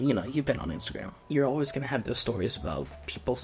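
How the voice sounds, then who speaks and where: A young man in his twenties talking quietly and off the cuff, with a monotone voice, often restarting his sentences. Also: mid-range voice, quick pace. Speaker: video essayist. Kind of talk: unscripted video essay. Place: home room with roommates nearby.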